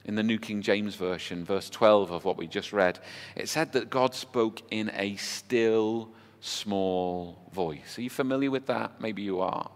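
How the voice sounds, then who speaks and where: Preacher in an echoing hall. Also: male voice, lowish voice, measured pace. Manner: conversational, asks the congregation rhetorical questions. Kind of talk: sermon. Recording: long hall reverb with faint music.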